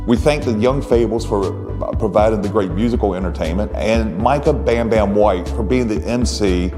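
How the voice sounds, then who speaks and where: A man, the chair of a foundation's board, giving a measured, formal thank-you speech. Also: fairly low pitch. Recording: long hall reverb with music.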